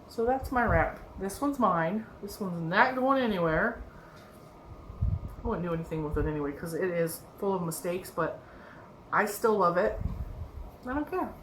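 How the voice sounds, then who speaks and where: A woman vlogger in a casual show-and-tell chat about her crochet projects, rambling and laughing often. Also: lowish voice. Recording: echoey room with faint background noise.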